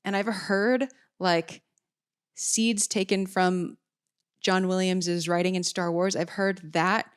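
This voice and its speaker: A woman hosting a music podcast, talking through her views slowly and thoughtfully, with frequent restarts and careful qualifiers. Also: fairly low pitch, steady tone, smooth. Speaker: podcast host. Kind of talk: reflective solo commentary.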